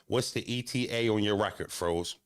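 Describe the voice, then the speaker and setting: A man who is a battle rapper, ranting casually to his live-stream chat, animated and repetitive, swinging from low mutters to high exclamations. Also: moderate pace, no room sound, clean studio sound.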